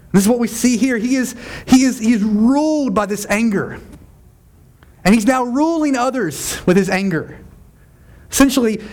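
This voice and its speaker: A man preaching a sermon as pastor, conversational and emphatic, often repeating his phrases. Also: sits high.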